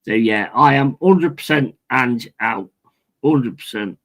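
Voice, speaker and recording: A man's voice: medium pitch, slow pace, fairly bright tone, low-quality recording. A man hosting a football watch-along stream, ranting angrily and swearing constantly while he answers viewers. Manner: swears constantly, repeats himself, chats with viewers. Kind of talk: angry live-stream rant.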